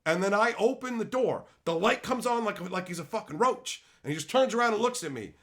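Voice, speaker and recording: A man hosting a live stream, telling a story to his chat in a profane, exasperated, animated way and reading out viewer comments. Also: sits high, brisk. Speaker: livestream host.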